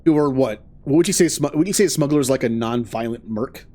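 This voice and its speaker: A man's voice: medium pitch, fast, a little mellow. A man streaming a game, chatting casually with laughter and rambling asides. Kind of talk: casual gameplay commentary.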